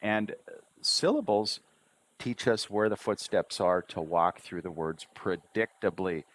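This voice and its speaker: A man's voice: low-pitched, a little slow, fairly bright tone. A man teaching English on a livestream, stressing each syllable and drawing out his intonation. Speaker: English tutor. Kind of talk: livestream language lesson.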